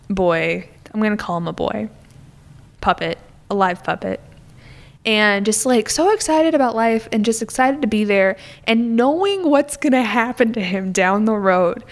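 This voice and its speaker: A woman co-hosting a podcast in a casual film discussion, chatty and full of "like" as she retells scenes. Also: medium pitch.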